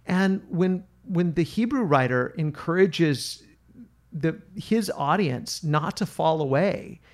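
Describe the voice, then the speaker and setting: An earnest man hosts a Bible study podcast and explains his points like a teacher. He doubles back on his words while he thinks. His voice sits a little higher than most men's. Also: expressive, slow pace. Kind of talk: casual Bible study talk.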